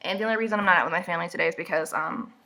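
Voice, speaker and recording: Young woman vlogger, bright voice, a bit stuffy, snarky book recap into her camera. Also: lowish voice, racing, slight background noise. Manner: sarcastic, mocking asides. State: stuffy from allergies. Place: indoors, seated at a camera.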